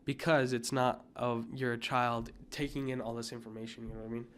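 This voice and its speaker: A young man talks loosely on a podcast, circling back and restarting his sentences. His pitch sits in the middle of the range. The chat is relaxed and unscripted. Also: a little fast, slight background noise. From United States. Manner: rambling, many fillers and restarts, coughs now and then. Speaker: podcast co-host. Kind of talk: casual chat.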